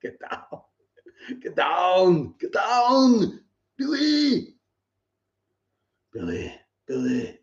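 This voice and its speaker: A man doing an impression of a gruff male action-movie hero who barks short commands in a put-on accent, on a dull lo-fi live stream. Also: a little high, very animated, extremely slow, long pauses, mellow, echoey room, far from the mic, exaggerated voice. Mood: barking.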